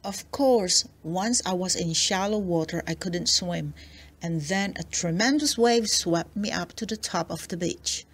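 A woman's voice: fairly low pitch, breathy edge. A woman reading aloud, voicing a huge, sad, stranded sea monster in a children's storybook. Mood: weary. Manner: pleading, weary, drawn-out.

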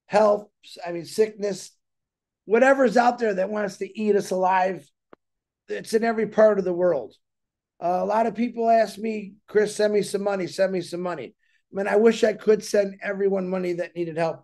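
A man's voice: sits high, darkish tone. A man hosting an online show, talking casually and earnestly in a rambling way, often repeating himself. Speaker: show host. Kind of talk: casual talk-show monologue.

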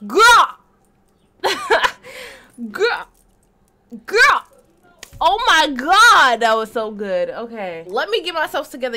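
A woman in her twenties hosting a casual reaction vlog from a room at home with a green screen, talking excitedly and repeating herself as she gushes. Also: fairly high pitch. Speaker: reaction channel host.

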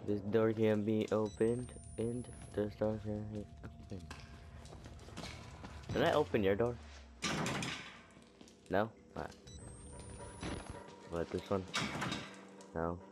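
Jokey, crude let's-play commentator. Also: male voice, on the low side, slow, long pauses, background noise. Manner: jokey, crude, sarcastic asides. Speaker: gameplay commentator.

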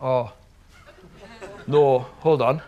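A rambling young Welsh news nut. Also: male voice, mid-range voice, steady tone, drawn-out words, dull audio. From Wales. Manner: rambling, filler-heavy boasting storytelling. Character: cocky, rambling young man obsessed with news. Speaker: comedy character, aspiring newsreader. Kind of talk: sketch comedy performance.

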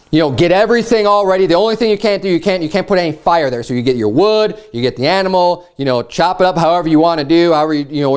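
A man delivering a sermon in a loose, conversational way, his voice sitting a little higher than most men's. He tells the story as if chatting, then leaps up in pitch to act out the quoted lines with a mocking edge. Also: clean tone. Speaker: preacher.

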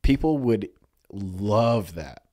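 A man's voice: on the low side, animated, drawn-out words, warm tone, no echo, studio quality. A man co-hosting a casual podcast, rambling in loose chatty sentences. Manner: rambling, lots of "like" fillers. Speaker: podcast co-host. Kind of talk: casual chat.

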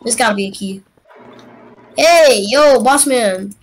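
A woman playing a computer game with friends, talking in an excitable, slangy way and shouting out. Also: fairly high pitch, takes it slowly. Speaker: game player. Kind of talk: casual gaming role-play chat.

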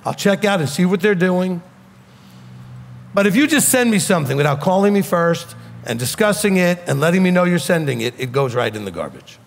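A man's voice: high-pitched, expressive, a little fast, gravelly, big-room sound, a little hiss or hum. A man with a New York accent preaching a sermon as a rabbi, blunt and emphatic.

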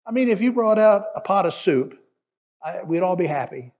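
Slightly high-voiced preacher. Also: male voice, normal speed. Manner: conversational, explanatory, animated at times. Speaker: pastor. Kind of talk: sermon.

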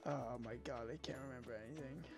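A man streaming a farming game and chatting casually with a friend, excitable and quick to exclaim, sounding tired. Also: mid-range voice, music in the background. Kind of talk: casual gaming chat.

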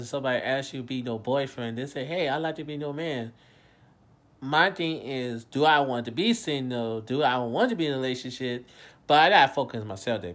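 Rambling casually and repeating himself, a male vlogger in his late 20s alternates between loud outbursts and quiet mumbling.

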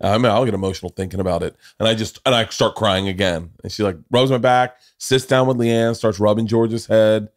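Man, comedian, podcast co-host, lowish voice, animated, profane storytelling. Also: fairly quick, few pauses. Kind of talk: casual storytelling chat.

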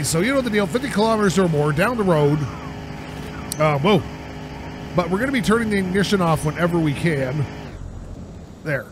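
A young man talks through a driving game in a sore, scratchy voice, rambling and laughing as he goes. His voice sits a bit high and bounces up and down a lot. A loud game engine hums underneath. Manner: chatty, rambling, laughs often. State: sore throat. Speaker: gaming channel host. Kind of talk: let's play commentary. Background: car engine and game ambience.

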